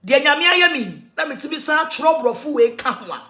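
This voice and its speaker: A Ghanaian woman rants with mocking energy, laughing between sentences and jumping between languages. Her voice sits fairly high and swings widely in pitch. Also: sing-song, fairly quick, bright, forceful tone. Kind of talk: animated mocking rant.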